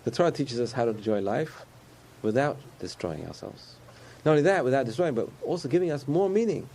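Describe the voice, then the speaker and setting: A man's voice: medium pitch, animated, a little fast, warm tone. A man giving a conversational sermon about faith, repeating phrases and chuckling often.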